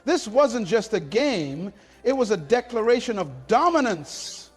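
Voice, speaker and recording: A man's voice: high-pitched, sing-song, unhurried, husky, soft background music. A man giving dramatic, indignant scripted narration for a sports channel, with punchy lines.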